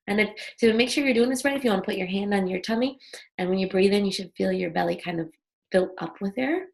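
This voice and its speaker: A woman's voice: mid-range voice, fast talker, creaky, a little mellow. A woman hosting an online wellness workshop over a video call, talking in a friendly, chatty way and guiding listeners through a breathing exercise. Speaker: workshop host. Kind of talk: casual online workshop talk.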